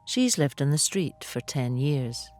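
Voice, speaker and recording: A woman narrating her own documentary in a calm, personal storytelling way. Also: very deep voice, measured pace. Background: music.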